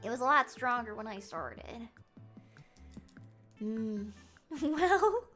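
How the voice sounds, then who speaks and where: A woman's voice: medium pitch, measured pace, fairly bright tone, soft background music. A young woman with a light Canadian accent, chatting casually and giggling as she reacts to her stream chat.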